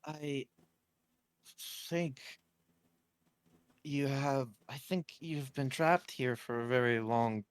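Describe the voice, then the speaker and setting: A man's voice: mid-range voice, fairly even intonation, takes it slowly, pauses often, clear, resonant tone. A man playing in a tabletop game, thinking aloud with hesitations and the odd curse. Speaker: player. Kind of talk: casual tabletop play.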